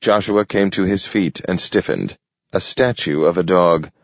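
A man narrating a story in a slow, measured way. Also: low voice, dry recording. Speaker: audiobook narrator. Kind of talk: scripted narration. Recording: dull lo-fi audio, dry.

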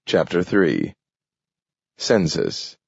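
A man reads an audiobook in a slow, measured, deliberate way, with a slightly low voice that rises and falls a lot. The recording is dull and lo-fi and completely dry. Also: wildly swooping pitch, gravelly, slightly rough, no room sound. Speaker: audiobook narrator. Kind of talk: scripted audiobook narration.

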